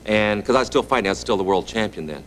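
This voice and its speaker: A middle-aged man in his fifties spins a long story as a talk show guest, chuckling as he goes. His voice sits low and his words come quickly. A faint hiss of a TV studio hangs behind him. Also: poor audio. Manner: relaxed, chuckling raconteur. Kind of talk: anecdotal storytelling. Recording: TV studio with audience noise.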